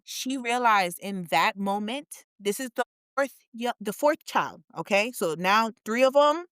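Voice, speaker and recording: A woman co-hosting a casual chat show, telling stories in an animated way and jumping her voice up high for emphasis. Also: normal speed, dry recording, studio quality. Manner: animated storyteller, voice leaps up for emphasis. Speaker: podcast co-host.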